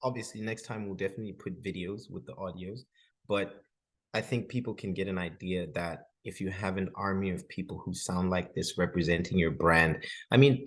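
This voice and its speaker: Deep-voiced male webinar host, casual, halting with repeated words.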